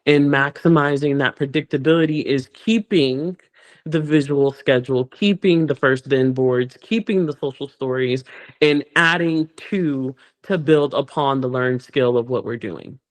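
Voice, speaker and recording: A man's voice: medium pitch, unhurried. A man presenting an educational talk on child behavior, explaining step by step and repeating words as he searches for phrasing.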